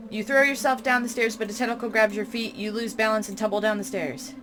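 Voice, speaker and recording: A woman's voice: a little high, fairly even intonation, normal speed, noisy background. A woman playing a horror game, reading its text aloud and breaking off for startled, chatty asides. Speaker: game streamer.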